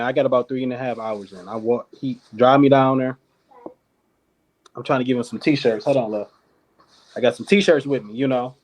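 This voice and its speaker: A man from Detroit, a clothing company founder, telling a long story as a podcast guest, laughing often and acting out what other people said. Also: mid-range voice. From Detroit, United States. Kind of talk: casual storytelling.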